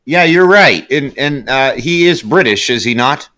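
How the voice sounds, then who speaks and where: A man co-hosting a film podcast, recapping plots in a halting way with dry jokes. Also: mid-range voice, expressive, pushed and bright. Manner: halting, many fillers and restarts, dry jokes. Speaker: podcast co-host. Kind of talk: casual film review chat.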